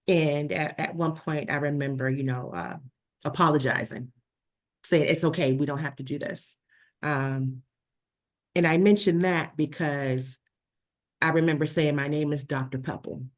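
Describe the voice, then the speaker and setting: A woman speaking on a video call, telling a personal story in a talk, animated and full of fillers and restarts. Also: low-pitched. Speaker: speaker presenting slides.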